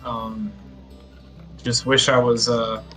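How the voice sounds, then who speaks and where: Male player, bright voice, hesitant in-character talk; faint music bed. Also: mid-range voice, little pitch movement, slow pace. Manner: hesitant, quiet in-character replies. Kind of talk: casual tabletop role-play.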